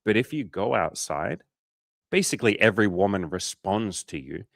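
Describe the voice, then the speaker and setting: A low-voiced Australian man talks loosely through a coaching livestream. His speech is casual and full of swearing, and he slips into short acted-out scenes. The sound is close and dry. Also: lively intonation, moderate pace, creaky, dry recording. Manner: casual, swears often, acts out little scenes. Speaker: dating coach.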